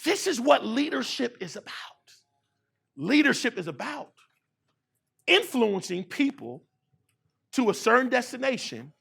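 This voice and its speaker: A man's voice: extremely high pitch, big pitch swings, measured pace, creaky, long pauses, pushed and bright, breathy edge. A man around forty giving a motivational keynote speech, using call-and-response with the audience in a repetitive preaching cadence. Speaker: keynote speaker. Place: university event hall.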